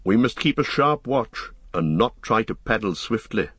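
A man reading the part of a calm, measured ranger who leads a company in a storybook. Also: fairly low pitch, breathy edge, no echo. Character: grave, steady ranger leader man.

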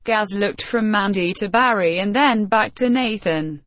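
A woman narrating a story in an even, deliberate reading. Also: medium pitch, no echo. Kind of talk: scripted narration.

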